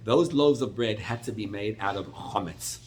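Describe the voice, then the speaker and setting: A middle-aged man, a rabbi, teaching a Torah class with animated, expressive storytelling and sudden jumps in pitch. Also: normal speed, slight background noise.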